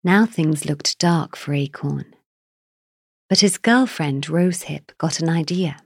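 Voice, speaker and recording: Woman storyteller, low voice, slow, husky, dry close sound, storybook narration. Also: no room sound.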